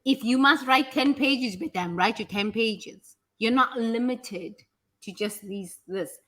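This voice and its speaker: A woman's voice: a little high, slow pace, a bit bright, a little hiss or hum. A woman teaching in a casual, motivational way, talking bluntly and animatedly, swearing freely and acting out what other people say.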